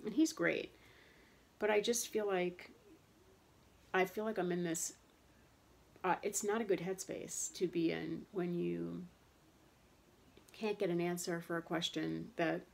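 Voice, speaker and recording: A woman in her thirties with a low, gravelly voice speaks in a casual, rambling monologue, full of fillers and restarts. Her talk is candid and frustrated, and she loops back over the same point as she goes. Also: fairly even intonation, a little slow, pauses often. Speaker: vlogger talking about chronic pain.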